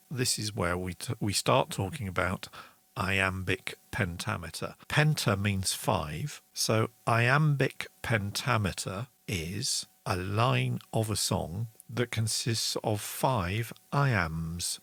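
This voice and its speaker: Middle-aged male host, low and gravelly, slow delivery, chatty and enthusiastic teaching tone. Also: lively intonation, fairly bright tone, dry recording. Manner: chatty and enthusiastic, reads viewer comments aloud, sings rhythm syllables. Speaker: songwriting show host. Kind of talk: casual online songwriting lesson.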